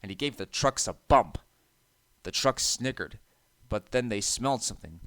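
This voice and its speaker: A young man calmly narrating a storybook, with a soft and even delivery and occasional small restarts. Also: on the low side, moderate pace, no echo.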